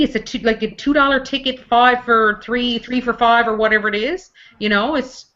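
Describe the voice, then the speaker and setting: A woman's voice: fairly high pitch, moderate pace, few pauses, fairly bright tone. Emphatic woman panelist explaining over a dull web call. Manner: emphatic, repeats herself. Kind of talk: casual panel chat. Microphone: video call.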